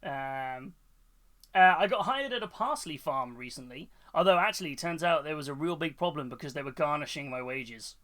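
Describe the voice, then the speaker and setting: Male streamer, bright higher voice, rambling and chatty, corny-joke teller. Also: animated, moderate pace. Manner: chatty and rambling, reading chat and telling corny jokes. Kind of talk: casual live-stream chat.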